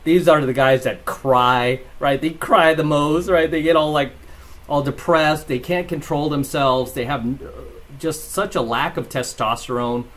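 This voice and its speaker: A man's voice: a little high, fairly even intonation, unhurried, fairly bright tone. A man hosting his own vlog. He rambles through casual commentary and stories, laughs as he talks, and keeps asking "right?". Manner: rambling, tags lines with "right?"; laughs while telling stories. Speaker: channel host.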